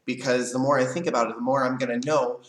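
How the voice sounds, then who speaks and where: A man's voice: medium pitch, steady tone, far from the mic. A man explains a lesson to young karate students and keeps checking that they follow. His voice sits in a middle range. It comes from off-mic in an echoey room. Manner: explains slowly with many "right?" check-ins. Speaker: karate instructor. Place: karate studio, indoors.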